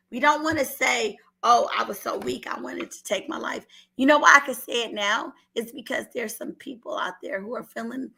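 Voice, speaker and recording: A woman's voice: fairly high pitch, creaky, pushed and bright, slightly rough. A middle-aged woman from Oakland with an Oakland accent, telling an earnest personal story on a call-in show and holding back tears. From Oakland, California. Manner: earnest, repeats herself, fights back tears. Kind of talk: emotional testimony on a call-in show.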